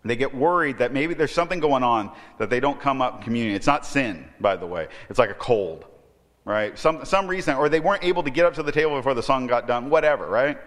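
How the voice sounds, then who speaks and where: A man preaching a sermon as pastor, animated, moving from quiet explanation to emphatic outbursts. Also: mid-range voice, quick pace. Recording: long reverb of a hall.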